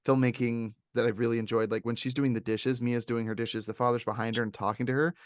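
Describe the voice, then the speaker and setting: Male podcast host, rambling and excitable, dry close sound. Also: medium pitch, quick pace, no room sound. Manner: animated and rambling, with many fillers. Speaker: podcast host reviewing films. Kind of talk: casual chat.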